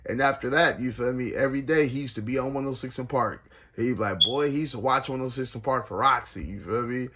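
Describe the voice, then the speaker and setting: A man telling a casual story about his time in prison, slangy and animated, laughing often. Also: medium pitch, quick pace, few pauses, a little hiss or hum.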